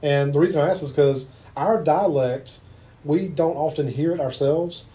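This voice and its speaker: A man's voice: on the high side, normal speed, mellow. A man from eastern North Carolina with a Southern accent, interviewing a guest in a chatty, anecdotal way. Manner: chatty, affirming, tells anecdotes. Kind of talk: conversational interview.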